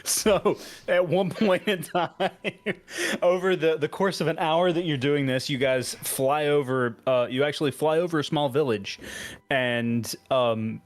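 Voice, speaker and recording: A man acting as game master, narrating a tabletop game in a relaxed, matter-of-fact way. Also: a little high, a little slow, no echo.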